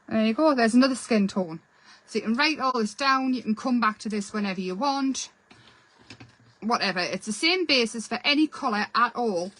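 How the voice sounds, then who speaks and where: A woman's voice: fairly high pitch, a bit bright, dry recording, rough recording. Chatty woman teaching painting. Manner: chatty, self-deprecating, rambling explanations. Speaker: craft channel host. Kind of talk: casual painting tutorial.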